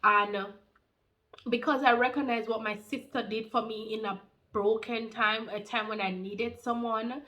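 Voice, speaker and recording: A Jamaican woman in her thirties telling her personal faith testimony, animated and heartfelt, slipping into patois. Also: on the high side, measured pace. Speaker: faith channel co-host.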